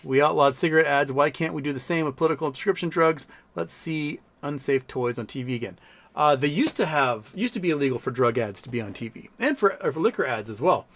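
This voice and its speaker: A man's voice: on the high side, expressive, fast talker, fairly bright tone. Blunt, profane male live-stream host. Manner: reads viewer chat messages aloud. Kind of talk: casual live stream chat.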